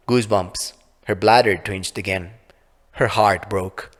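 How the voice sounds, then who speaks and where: Male author-reader, measured storybook narration, hall reverb on the track. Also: on the low side, fairly even intonation. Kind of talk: reading a short story aloud. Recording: long reverb.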